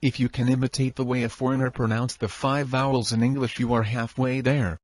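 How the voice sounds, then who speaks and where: A man reading a self-help audiobook in an even, instructive narration style. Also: medium pitch, fairly quick, no room sound.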